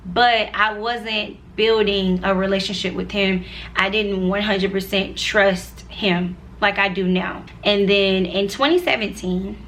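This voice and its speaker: A young woman in her twenties talks straight to her viewers, telling her story in a chatty, earnest way. Her voice is bright and clear at an ordinary pitch, and she speaks with plenty of "like"s and friendly asides. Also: fairly even intonation, unhurried. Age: 20s. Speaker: vlogger sharing her faith testimony. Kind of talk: casual personal testimony.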